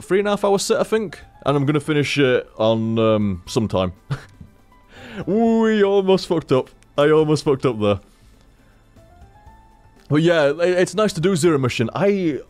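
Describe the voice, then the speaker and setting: A man's voice: on the high side, darkish tone. A man, a streamer rambling casually after a stream and swearing constantly. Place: home room.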